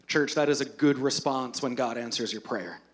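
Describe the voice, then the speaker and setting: A man preaching a sermon as a pastor, retelling scripture with humor and lively storytelling. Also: medium pitch, moderate pace.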